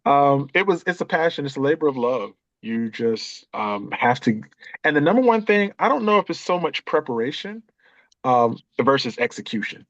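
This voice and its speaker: A man's voice: mid-range voice, normal speed, no echo, lo-fi sound. A man, a podcast guest telling a personal story in a conversational way and acting out the voices of the people in it. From Atlanta, USA. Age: 50s. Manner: animated storyteller who acts out quoted voices. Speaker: guest, author and chess coach.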